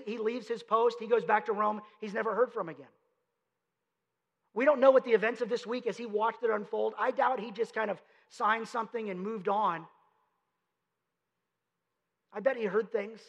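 A man preaches a sermon in a conversational, emphatic way, pressing his listeners with rhetorical questions. His voice sits unusually high for a man. The sound carries a long hall reverb from a church sanctuary. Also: a bit bright, dull audio. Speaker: pastor.

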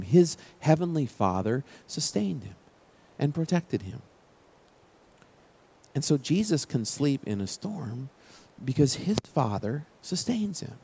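A male pastor preaching a sermon in a conversational way, dropping his voice low and quiet for key quoted phrases. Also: gravelly.

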